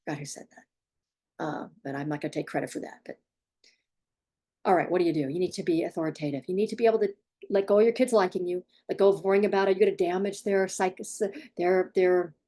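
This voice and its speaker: Husky woman parenting coach, kinda low voice, blunt and emphatic, talks right at you. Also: fast, mellow. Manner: emphatic, blunt, repeats for stress. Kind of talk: direct advice monologue.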